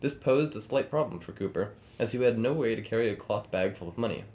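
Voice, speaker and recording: Podcast co-host, male, brisk script reading, storyteller cadence. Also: lowish voice. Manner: quick, reads script in steady storytelling cadence. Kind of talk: casual podcast chat and read narration.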